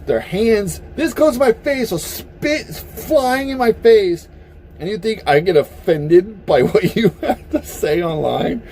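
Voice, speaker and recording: A man's voice: medium pitch, slight background noise. A man ranting casually to camera in a blunt, profane, heated way. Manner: animated, heated. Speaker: vlogger. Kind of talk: casual opinion rant.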